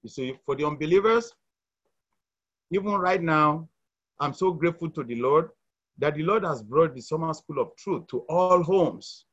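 A middle-aged man from Nigeria giving an earnest church testimony, hesitant, with fillers and restarts, rising loud and dropping soft. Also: a little high, moderate pace, husky, highs cut off. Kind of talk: testimony sharing at a church meeting.

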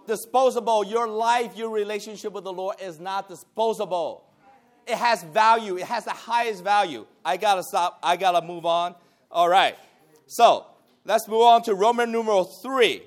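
High, animated man teaching a class. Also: normal speed. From Taiwan. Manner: animated, talks with the class, laughs often. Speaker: church teacher. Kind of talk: lively church lesson.

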